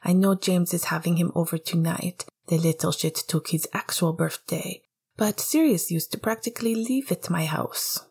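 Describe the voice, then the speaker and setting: A woman's voice: fairly low pitch, normal speed, vocal fry, darkish tone, slightly rough. Woman whispering as a teasing fatherly hockey veteran. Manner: teasing, easygoing. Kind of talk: whispered role-play.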